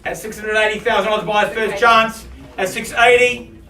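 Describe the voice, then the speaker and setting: A man calling bids in a live auction, with quick, playful patter for the bidders. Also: sits high, steady tone, pushed and bright. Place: auction room. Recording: echoey room from far off.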